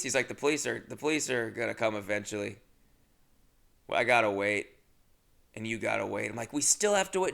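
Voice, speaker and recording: Guy on a podcast doing a rambling self-deprecating story, acts out both sides, kinda gravelly. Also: fairly low pitch, expressive, brisk, long pauses, a bit bright. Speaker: podcast host. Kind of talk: comedic storytelling monologue.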